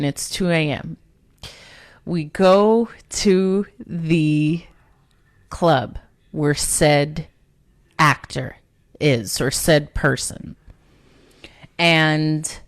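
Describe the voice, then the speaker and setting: A woman tells a personal story in a relaxed, unhurried way, with a low voice. She is conversational and self-mocking, laughing easily at her own antics. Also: dry recording, studio quality. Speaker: storyteller host.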